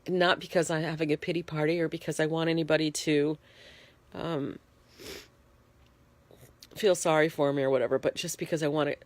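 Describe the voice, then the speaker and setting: Low-voiced lady, stuffed up and shivery, talking slow and plain into her phone in bed, no room echo. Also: level tone. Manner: plain, unhurried, explaining in detail. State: congested. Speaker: vlogger. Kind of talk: casual personal video diary. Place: bedroom, in bed. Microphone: phone held in hand.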